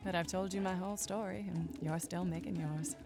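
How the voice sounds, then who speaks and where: An actress playing a gentle, content woman from a farming collective in a video game, speaking softly and kindly. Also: on the low side, fairly even intonation. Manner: soft, unhurried, kindly. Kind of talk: game voice acting. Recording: game audio with a clear music bed.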